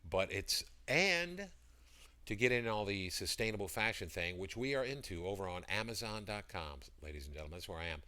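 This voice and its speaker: A man hosts a loose livestream from his computer mic, chatting and pitching his products between greetings to viewers. His voice is deep yet bright and clear, with a rambling, friendly flow. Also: expressive, a little fast. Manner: rambling, greets chat viewers by name, breaks into sung jingles. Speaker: livestream seller. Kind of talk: casual livestream chat.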